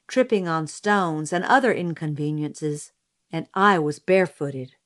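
A woman narrating an audiobook in a measured, steady storytelling manner. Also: lowish voice.

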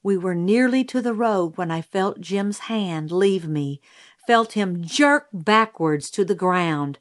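Slow, measured woman audiobook narrator. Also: fairly low pitch.

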